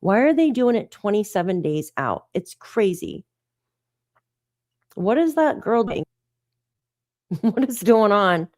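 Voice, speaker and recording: A woman's voice: mid-range voice, big pitch swings, takes it slowly, long pauses, darkish tone, no echo. A woman hosting a casual true-crime livestream, chatting and reading updates aloud in an incredulous way.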